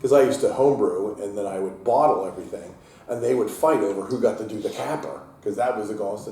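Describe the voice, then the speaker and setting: Brewery owner, storyteller type, low mellow voice a little off mic, echoey taproom, faint hiss. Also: male voice, quick pace, far from the mic. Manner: animated storyteller, acts out quotes in a raised voice. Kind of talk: casual storytelling interview. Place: inside his brewery taproom.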